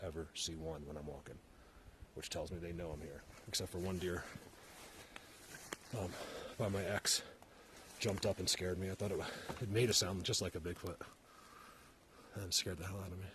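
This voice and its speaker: A man's voice: deep voice, fairly even intonation, normal speed, long pauses, noisy background. A man vlogging on a forest walk, talking in a rambling way while out of breath, repeating himself and getting worked up. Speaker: vlogger searching for Bigfoot signs. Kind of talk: casual walking commentary. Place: outdoors in a forest.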